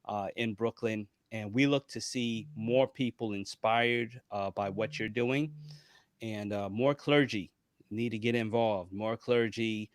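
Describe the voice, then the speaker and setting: A man's voice: on the low side, measured pace, dry recording, clean studio sound. A man hosting a podcast, wrapping up with upbeat thanks and promotions, rattling off rhythmic lists. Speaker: podcast host. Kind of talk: podcast interview and sign-off.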